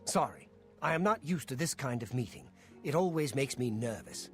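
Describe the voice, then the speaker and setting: Timid fence, jumpy, hesitant, animated voice, game dialogue. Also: male voice, medium pitch, normal speed, faint music behind. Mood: nervous. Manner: hesitant, apologetic.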